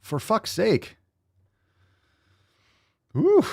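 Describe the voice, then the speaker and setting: A man's voice: mid-range voice, big pitch swings, moderate pace, a crowd in the background. A man hosting a podcast, ranting casually with heavy swearing and repeating phrases for emphasis. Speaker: podcast host.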